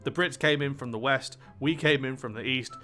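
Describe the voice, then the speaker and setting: A young man talks through a strategy game in a loose, chatty way, drifting between asides and quips and laughing at his own jokes. His voice sits at a middling, everyday pitch. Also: normal speed, sharp tone, soft background music. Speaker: gaming channel host. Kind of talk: casual strategy game commentary.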